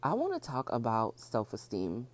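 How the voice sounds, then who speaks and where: A woman hosting her own podcast, talking fast and casually, repeating points for emphasis. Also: extremely low pitch, huge pitch swings. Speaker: podcast host. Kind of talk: casual solo podcast talk.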